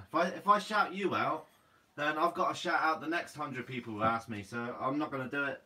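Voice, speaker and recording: A man's voice: a little high, expressive, brisk, bright, forceful tone, distant mic, poor audio. A young man from Guernsey with a Guernsey accent, hosting a fishing channel's live Q&A, reading out comments in a laid-back, slightly sleepy way and calling everyone "mate". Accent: Guernsey English.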